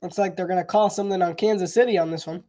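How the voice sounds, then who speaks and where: A man's voice: sits high, fairly even intonation, rapid-fire, warm tone. A man calling a football game live in a casual, chatty way, thinking aloud and hedging with frequent restarts. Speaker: live sports commentator. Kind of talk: casual live play-by-play commentary.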